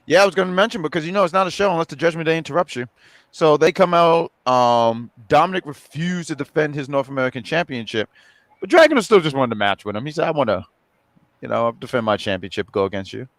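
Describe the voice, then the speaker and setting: A man's voice: a little high, animated, fast talker, a bit bright, dry recording. A man co-hosting a casual online chat, rambling with many fillers and restarts. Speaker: co-host.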